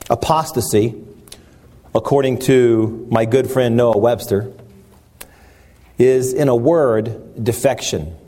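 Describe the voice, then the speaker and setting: A man preaching a sermon in an earnest, halting way, often restarting his phrases. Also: medium pitch, warm tone.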